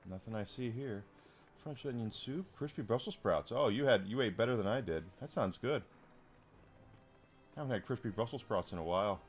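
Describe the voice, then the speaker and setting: A man's voice: on the low side, fairly quick, faint music behind. A man streaming a video game, chatting casually with viewers and commenting on what he finds. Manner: chatty, talks to chat readers between game remarks.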